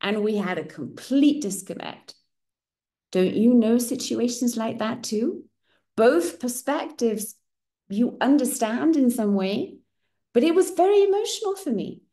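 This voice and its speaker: A middle-aged woman whose first language is German, hosting a women's circle and telling a personal story in a candid, expressive way that keeps checking in with "right?". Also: on the high side, measured pace.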